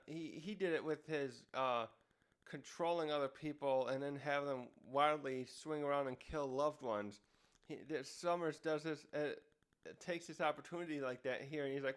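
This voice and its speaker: A man hosting a casual review who rambles and keeps restarting his sentences. His voice sits a bit high for a man. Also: moderate pace, smooth. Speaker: host.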